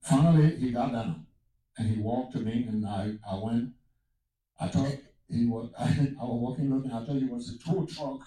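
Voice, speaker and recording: A man's voice: medium pitch, normal speed, dark tone, very echoey, far from the mic, poor audio. A man from Africa telling a personal testimony as a sermon, mixing storytelling with exclamations of praise. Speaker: preacher.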